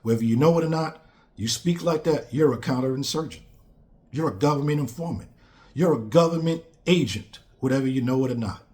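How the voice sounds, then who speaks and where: A man's voice: medium pitch, a little fast, a little mellow. A man giving a blunt, emphatic casual monologue on politics, repeating phrases for stress. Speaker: commentator.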